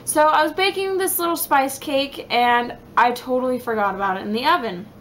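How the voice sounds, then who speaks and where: Chatty woman with a high-ish voice. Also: normal speed, fairly bright tone, a little hiss or hum. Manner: rambling, chatty, lots of fillers. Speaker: pregnancy vlogger. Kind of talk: casual chat to camera.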